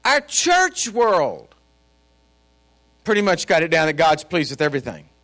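A man's voice: fairly high pitch, huge pitch swings, measured pace, a bit bright. A man preaching a sermon as a pastor, folksy and storytelling, speaking directly to his congregation. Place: church.

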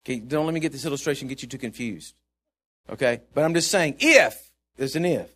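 A man preaching a sermon, stressing key points and dropping low for asides. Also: lively intonation, brisk, a bit bright, husky.

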